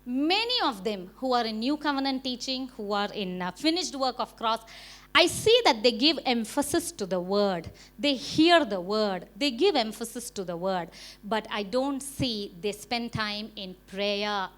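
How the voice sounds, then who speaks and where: A woman pastor with an Indian English accent delivers a sermon, her voice high and bright. She preaches emphatically, firing rhetorical questions and pausing for "Amen". She sounds middle-aged. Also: animated.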